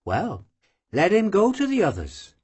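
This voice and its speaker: An audiobook reader voicing a proud, serious young Cossack woman who answers quietly and firmly. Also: mid-range voice, huge pitch swings, unhurried, husky, exaggerated voice. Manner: quiet, firm, curt replies. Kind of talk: audiobook character voice.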